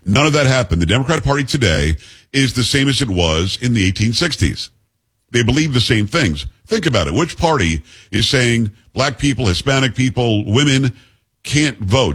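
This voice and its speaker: Talk radio host, man, husky voice, emphatic and punchy. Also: medium pitch, animated, moderate pace, fairly bright tone. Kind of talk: political talk radio monologue.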